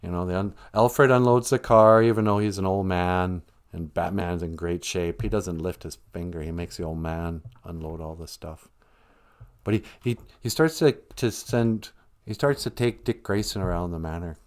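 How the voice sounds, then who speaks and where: Brief: low-voiced man, casual comic storyteller on a livestream, loose and rambling. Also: normal speed. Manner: rambling, jokey, with fillers and restarts.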